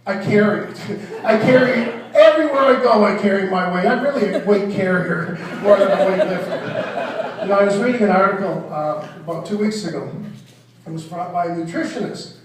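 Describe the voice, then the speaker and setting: A man's voice: high-pitched, a little fast, background noise. An older man doing a rambling, self-deprecating stand-up set, trailing off mid-joke. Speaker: stand-up comedian. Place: comedy club stage. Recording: echoey club recording from far off with crowd laughter. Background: audience laughing.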